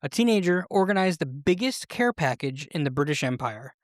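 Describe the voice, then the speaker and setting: Speaking briskly at a middle pitch, this podcast host narrates history with playful, animated storytelling. It comes across as scripted but lively, captured in a close, dry sound without any room echo.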